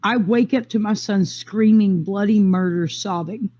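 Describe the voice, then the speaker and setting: Through a dull, lo-fi recording, a woman with a warm, mellow, medium-pitched voice shares a personal experience as an interviewee. Her casual storytelling rambles loosely, coming in quick bursts with frequent fillers and restarts.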